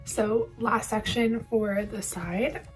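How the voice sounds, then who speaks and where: A woman's voice: mid-range voice, steady tone, slow, faint music behind. A young woman vlogger chatting upbeat through a hair curling tutorial, explaining each step as she goes. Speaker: beauty vlogger.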